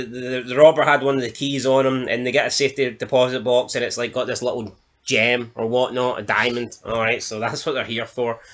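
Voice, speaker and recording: Bright-voiced man recapping an episode. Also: mid-range voice. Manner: rambling, loose recap with restarts and swearing. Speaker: film and TV reviewer. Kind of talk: casual review chat.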